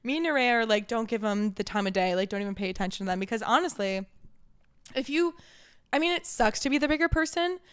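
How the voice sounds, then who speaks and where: A woman in her twenties chats on a podcast in a smooth, clear voice that sits a little high. She tells her story with energy, swears often, and slips into the voices of the people she is quoting. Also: quick pace. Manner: animated storytelling, heavy swearing, acts out quotes. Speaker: podcast co-host. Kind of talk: casual chat.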